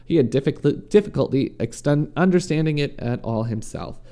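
A podcast host with a higher-leaning, warm voice and lively intonation reads a true-crime story briskly and casually. He occasionally stumbles and goes back to correct himself.

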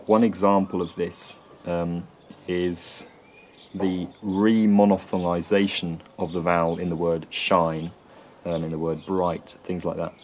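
An English man with an English accent explaining accents and sounds in a lesson, often pausing with ums and restarting phrases. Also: deep voice, darkish tone, a little hiss or hum. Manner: hesitant, frequent ums and restarts. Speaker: accent and linguistics presenter.

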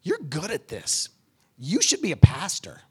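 A man voicing a distraught young woman in her twenties in a sermon story, in a high wailing, pleading voice. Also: wildly swooping pitch, a little slow, dark tone, slight background noise. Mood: earnest.

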